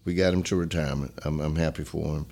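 Mężczyzna w średnim wieku z akcentem z Luizjany, z bardzo niskim głosem, opowiada szczerze i z namysłem w wywiadzie. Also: male voice, steady tone, quick pace, vocal fry. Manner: earnest, reflective, drops to a low hush when emotional. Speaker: former police chief, guest. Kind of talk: candid storytelling interview.

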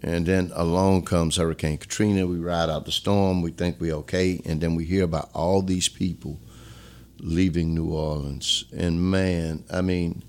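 Mężczyzna w średnim wieku z akcentem z Luizjany, z bardzo niskim głosem, opowiada szczerze i z namysłem w wywiadzie. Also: male voice, fairly even intonation, normal speed. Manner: earnest, reflective, drops to a low hush when emotional. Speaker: former police chief, guest. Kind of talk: candid storytelling interview.

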